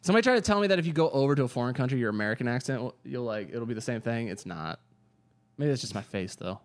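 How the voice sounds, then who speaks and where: A man's voice: mid-range voice, expressive, very fast. A man in a casual podcast chat, teasing the others and saying dude a lot. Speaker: podcast guest.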